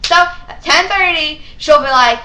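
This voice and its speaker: A young teenage girl rambles about school into a webcam, her high, bright voice full of "like" and quick impressions of teachers. The room sounds echoey. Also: lively intonation. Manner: rambling, lots of "like", quoting teachers. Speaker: student vlogger. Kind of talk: casual chat to webcam.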